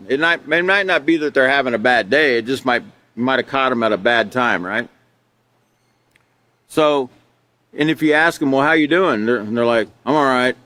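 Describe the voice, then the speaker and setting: Brief: male teacher from Alaska, mid-pitched voice, loose conversational delivery, reads passages and explains them, lots of ums. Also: no echo. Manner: relaxed and conversational, many fillers, laughs between points. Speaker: character education teacher. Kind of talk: live online class, reading and explaining a textbook.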